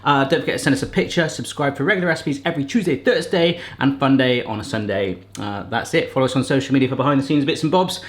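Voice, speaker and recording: A man's voice: mid-range voice, fast, hardly any pauses. A man hosting a casual home cooking video, chatting playfully and joking as he cooks in his kitchen. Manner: playful, jokey, animated. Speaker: cooking show host.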